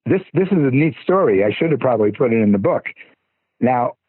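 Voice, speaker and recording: A man's voice: medium pitch, animated, brisk, no room sound. An older man, a podcast guest, telling stories casually in a rambling way, stammering and restarting his sentences. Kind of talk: casual storytelling. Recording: husky voice over tinny phone-like line.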